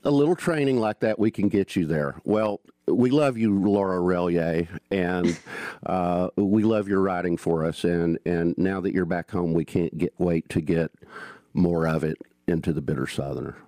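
A low-pitched man in his sixties with a Southern accent hosts a relaxed podcast interview, folksy and playful. His voice sits close and dry, with no room sound around it. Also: moderate pace, dry recording. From North Georgia, US. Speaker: podcast host. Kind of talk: conversational interview.

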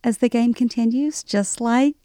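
A woman's voice: on the high side, normal speed, dark tone, no room sound, studio quality. A middle-aged woman from Alabama with a Southern accent, telling wry, self-deprecating stories in an interview. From American South, Alabama. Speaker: author guest. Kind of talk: conversational interview.

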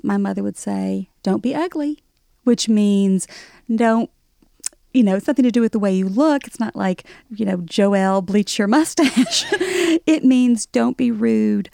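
Woman author from the South, radio guest; gravelly, playful, laughs easily, dry studio sound. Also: mid-range voice, dark tone, no echo. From American South. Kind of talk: radio interview. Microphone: studio mic.

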